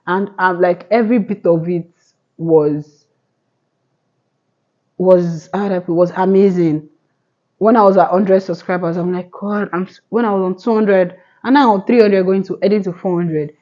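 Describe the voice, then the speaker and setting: A woman's voice: lowish voice, fairly even intonation, moderate pace, mellow, lo-fi sound. A young woman in her twenties giving earnest motivational advice to camera, rambling with restarts. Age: 20s. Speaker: vlogger. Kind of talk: casual motivational talk to camera.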